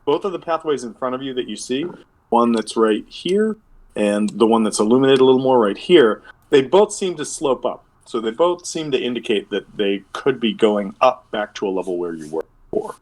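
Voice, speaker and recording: A man's voice: medium pitch, animated, normal speed, darkish tone. A man running a tabletop game as game master, rambling with many fillers and restarts. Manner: rambling, filler-heavy, self-correcting.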